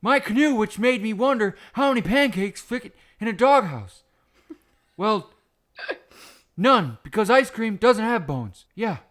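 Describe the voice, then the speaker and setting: A man's voice: high-pitched, expressive, a little slow, fairly bright tone, pitched above the performer's own voice. A man doing a comic impression of a rambling, confused old male politician who drifts between nonsense stories.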